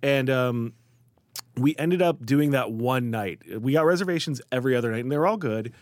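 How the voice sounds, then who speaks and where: A man's voice: mid-range voice, a little fast, no echo. A man from the Chicago area, a food writer guest, chatting casually and acting out quoted voices as he tells stories. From Chicago area, USA. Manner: animated storyteller, acts out quoted voices. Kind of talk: casual interview talk.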